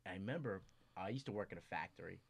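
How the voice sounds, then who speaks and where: A man guest in casual chat, telling stories with swearing and loud acted-out quotes. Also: low voice, fast, creaky, slightly rough. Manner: animated storyteller, swearing, acting out quotes loudly.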